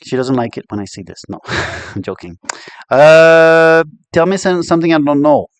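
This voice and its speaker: This language teacher gives a casual online lesson in French expressions, speaking with a Quebec French accent in a higher, sing-song, gravelly voice at a moderate pace, recorded dry. He's chatty and joking, laughs often, and switches between English and French.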